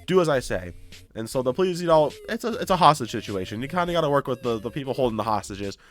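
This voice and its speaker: A YouTuber casually recapping a story, animated and acting out the characters' lines. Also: male voice, medium pitch, racing, faint music behind.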